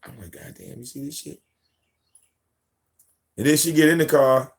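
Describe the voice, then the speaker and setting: Profane, animated man telling stories. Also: mid-range voice, moderate pace, gravelly. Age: 40s. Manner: profane, animated, acts out quotes. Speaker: live stream host. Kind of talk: casual storytelling.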